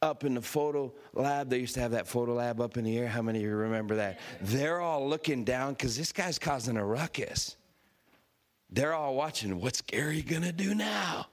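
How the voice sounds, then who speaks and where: A man's voice: medium pitch, moderate pace. Laughing male preacher telling a story. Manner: lively, laughing storyteller who acts out quotes. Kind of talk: storytelling sermon.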